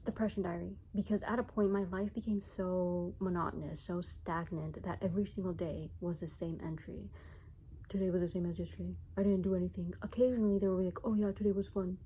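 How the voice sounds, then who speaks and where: A woman's voice: on the low side, steady tone, brisk, mellow, slight background noise, low-quality recording. A young woman vlogging in a rambling, self-mocking way, laughing often. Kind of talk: casual chat to camera.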